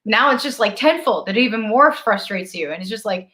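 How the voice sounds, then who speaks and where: A woman co-hosting a spiritual live stream in a casual, animated chat, acting out her own stories and laughing easily at herself, heard over a video call. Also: mid-range voice, fairly quick. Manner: animated storyteller, acts out her own frustration.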